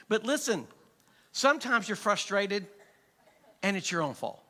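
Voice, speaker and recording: A middle-aged pastor preaches with a high, bright voice. He tells a funny story and moves easily from soft, low asides to loud punchlines. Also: unhurried, pauses often, a faint crowd. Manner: humorous storytelling, animated, swings from soft to loud. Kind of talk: sermon. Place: church sanctuary.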